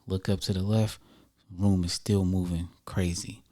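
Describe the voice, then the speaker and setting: A man casually telling a personal story to his viewers in a relaxed, slangy, conversational way. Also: sits low, a little slow.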